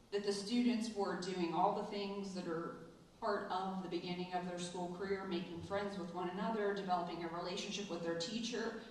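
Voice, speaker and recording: A woman's voice: medium pitch, far from the mic, slight background noise. Woman speaking in a big echoey hall. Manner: storytelling, animated in quoted asides. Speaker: school administrator giving a speech. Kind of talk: ceremony speech, personal story. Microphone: distant from the mic.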